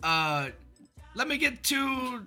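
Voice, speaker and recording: A man voicing a rude male British tourist who barks high, loud orders at a bartender. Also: slow pace, over music. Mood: demanding. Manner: loud, high, clipped demands.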